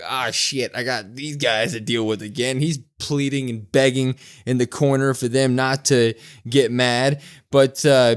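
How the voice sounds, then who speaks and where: A young man co-hosting a wrestling podcast, retelling the show in a lively, casual way and slowing down to mimic the people he quotes. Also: on the high side. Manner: animated retelling, slows to mimic quoted speakers. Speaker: podcast co-host. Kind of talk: casual recap chat.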